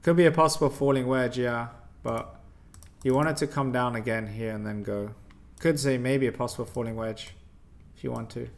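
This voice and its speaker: A young man hosts a live trading stream in an ordinary mid-range voice. He talks bluntly and emphatically, quizzing his viewers and scolding them when they get it wrong. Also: mid-range voice. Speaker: stock trading livestream host.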